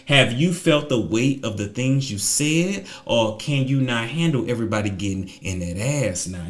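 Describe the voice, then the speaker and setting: A man hosting a celebrity gossip show, sassy and mocking, swinging between loud jabs and low muttering. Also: animated, moderate pace, hardly any pauses. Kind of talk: casual commentary monologue.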